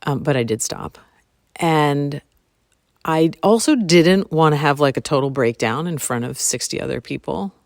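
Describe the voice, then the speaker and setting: A woman's voice: low-pitched, expressive, normal speed, vocal fry, dry recording, studio quality. A woman hosting her own solo podcast, musing aloud and repeating phrases, sometimes dropping into a whisper. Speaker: podcast host. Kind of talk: reflective solo podcast monologue.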